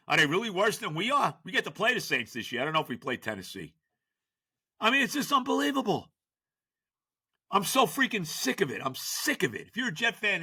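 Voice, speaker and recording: An older man tears into his team on his sports podcast. His voice sits high and sharply bright, and it swings wildly in pitch. He stammers through restarts, shouts, then drops to a low grumble. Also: husky. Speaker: podcast host. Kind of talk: sports rant.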